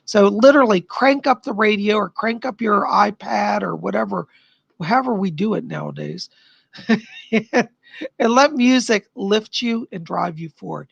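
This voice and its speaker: Chatty psychic guy on a livestream, gravelly voice, dry close mic, voice getting tired. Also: high voice, measured pace, dry recording, dull audio. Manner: chatty, animated, gushing. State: tiring voice. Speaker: psychic medium host. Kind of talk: live-stream readings for viewers.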